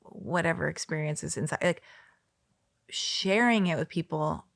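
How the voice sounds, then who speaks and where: A woman's voice: low voice, a little slow, gravelly, no room sound, clean studio sound. A woman in her forties from Los Angeles, telling stories as a podcast guest and acting out the quotes in them. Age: 40s. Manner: animated storyteller who acts out quotes. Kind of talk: casual chat.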